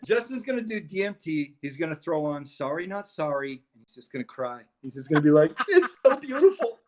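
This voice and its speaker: A man's voice: on the high side, expressive, fairly quick, a little mellow. A man joining a casual podcast chat, teasing the others with playful interjections. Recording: faint background noise.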